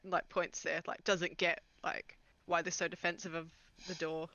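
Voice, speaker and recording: Bright-voiced flustered man. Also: a little high, level tone, moderate pace, hardly any pauses, no room sound, dull audio. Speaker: player. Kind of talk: in-character tabletop play.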